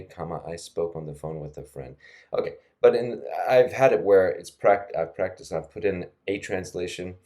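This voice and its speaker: Here a middle-aged man teaches language through a screen-recorded tutorial. His low, mellow voice sits close to a desktop mic, and he keeps things chatty and informal with fillers and soft laughs.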